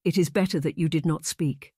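A narrator doing a flat, composed young lady. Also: mid-range voice, breathy edge, dry recording, clean studio sound, natural voice. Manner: flat, measured. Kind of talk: audiobook character voice.

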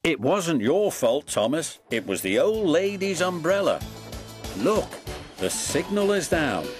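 A brisk, good-natured railway guard who shrugs off a mishap, read by a man in a slightly raised, friendly storybook voice. Soft music plays behind. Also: fairly high pitch, very animated, pitched above the performer's own voice. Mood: forgiving.

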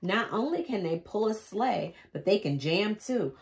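Animated woman reading a picture book aloud. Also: medium pitch, measured pace. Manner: animated, chatty asides, laughs at own jokes. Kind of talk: picture-book read-aloud with chatty commentary.

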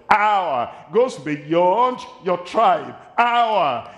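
A high-pitched Nigerian-accented pastor preaches at a large crusade, speaking slowly and deliberately and repeating key phrases. His voice comes from a distance in an echoey hall.

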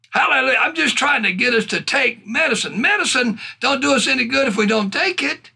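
Man preaching, gravelly, husky, fervent, scripture read slowly, frequent laughs. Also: very high voice, lively intonation, sharp tone. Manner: fervent, exclaims hallelujah and praise God, reads scripture slowly; laughs often while preaching. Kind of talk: sermon.

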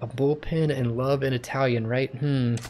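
A man's voice: medium pitch, steady tone, moderate pace, a little mellow, slight background noise, natural voice. A man reading game subtitles aloud as a scheming yakuza club manager who talks himself through a puzzle, in a plain reading voice. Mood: musing.

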